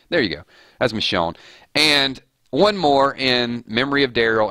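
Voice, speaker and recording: A man hosts a loose, playful livestream, reading viewer comments aloud and weighing in on each one. His voice is bright and forceful, a little on the low side, and it sits dry and close to the mic. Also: no echo. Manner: playful, reads chat rhymes aloud and judges them. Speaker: livestream host.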